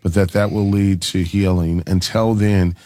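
Deep-voiced pastoral radio host man. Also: level tone, a little slow, dry recording, studio quality. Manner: gentle, pastoral and encouraging. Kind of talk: Christian call-in radio talk.

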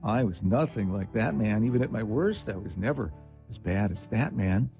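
A man reading a short story aloud in a scripted, expressive way. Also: fairly low pitch, moderate pace, creaky. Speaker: story segment reader. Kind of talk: scripted narration. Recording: faint instrumental music behind.

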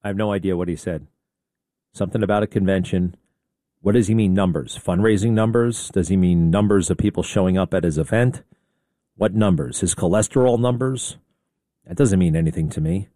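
A man hosting a talk radio show, delivering a blunt, sarcastic and excitable monologue. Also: low-pitched, a little fast, no room sound, studio quality.

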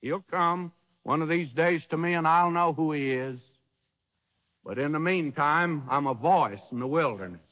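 A preacher voicing a stern wilderness prophet. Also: male voice, fairly high pitch, moderate pace, a bit bright, dry recording, dull audio, close to an everyday voice. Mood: proclaiming.

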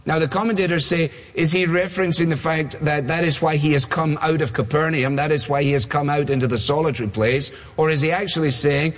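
A man's voice: mid-range voice, fairly quick. Man, preacher, chatty sermon, rhetorical questions, mid-range voice, long reverb. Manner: conversational, asks rhetorical questions.

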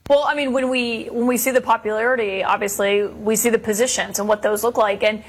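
A woman asking questions as a TV news anchor, probing and slightly halting. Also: on the high side, fairly even intonation, slightly rough.

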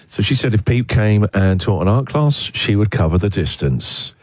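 A man's voice: on the low side, lively intonation, moderate pace, a little mellow, no echo. A man with an Australian accent hosting breakfast radio in a studio, joking and teasing his guests. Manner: jokey, teasing, laughs often. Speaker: radio host.

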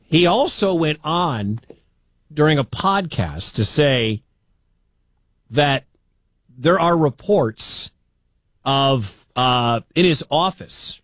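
Animated sports radio host, dry studio. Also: male voice, a little high, dry recording. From Midwestern United States. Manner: animated, incredulous, quick asides.

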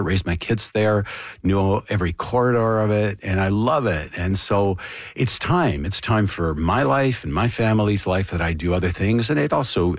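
A man's voice: low-pitched, breathy edge, no room sound, studio quality. An older man, a theater director, answering interview questions in a thoughtful, storytelling way. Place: radio studio.

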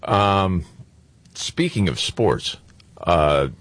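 A man's voice: low voice, lively intonation, drawn-out words, a bit bright, no echo. A man co-hosting a radio talk show, bantering in a wry, joking way.

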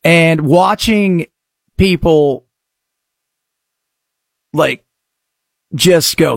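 Man, talk radio host, sarcastic, mocking, lively pitch swings. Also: unhurried, pauses often, no room sound, studio quality. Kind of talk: opinion talk radio monologue.

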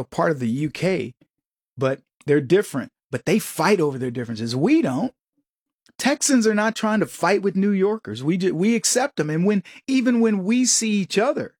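This is an American man in middle age hosting a political commentary show. His voice is husky and sits fairly high, and he talks animatedly, often popping up into higher, excited quoted voices. The sound is dry and close. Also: no echo. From United States.

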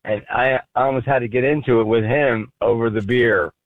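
A man calling in to a radio show, telling a story in a halting way with repeated words. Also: medium pitch, fairly even intonation, no room sound. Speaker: caller. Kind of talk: phone-in chat. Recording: tinny phone line.

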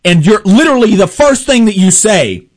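Speaking at a moderate pace, a very animated male host gives casual political commentary, his fairly high voice ranging widely in pitch. Exasperation and sarcasm color his talk, and he keeps starting his sentences over.

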